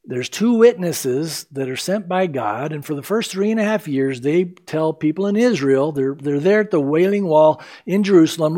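A male preacher with a fairly high voice delivers a sermon with strong emphasis. He swings up to loud, pointed peaks and then sinks into slow, low endings. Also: lively intonation.

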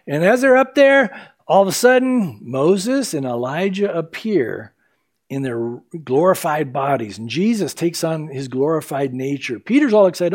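A male preacher with a fairly high voice delivers a sermon with strong emphasis. He swings up to loud, pointed peaks and then sinks into slow, low endings. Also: sing-song.

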